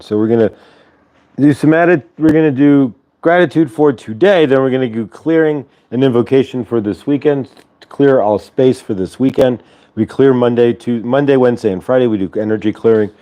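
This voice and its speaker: With a warm, mid-range voice, the host of a spiritual morning show leads guided breathing during a livestream from his home. His talk is loose and meandering, packed with filler words, and he's wearing a clip-on lapel mic.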